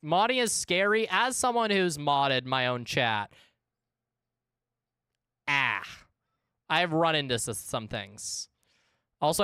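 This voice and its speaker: Lively, smooth-voiced young man streaming. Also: fairly high pitch, no room sound, studio quality. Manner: animated, chatty, swears freely. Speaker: livestreamer. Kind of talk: casual gaming stream chat.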